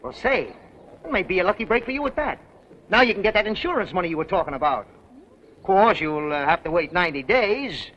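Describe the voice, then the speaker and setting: A slick used car dealer, 1930s film. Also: male voice, high-pitched, expressive, a little fast, a bit bright. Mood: brisk. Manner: brash salesman patter. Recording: dull 1930s film soundtrack, faint hiss.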